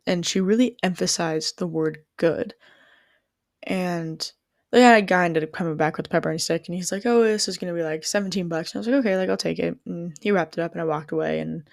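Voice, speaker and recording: Young woman musing in a gravelly voice. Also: on the low side, dry recording, studio quality. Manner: rambling, heavy use of "like", frequent restarts. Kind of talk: reflective personal storytelling.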